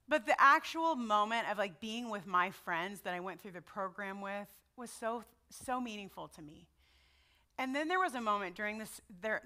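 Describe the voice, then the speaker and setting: A woman's voice: mid-range voice, sharp tone. A middle-aged woman giving a sermon in a personal, conversational way, often checking in with her listeners. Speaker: preacher.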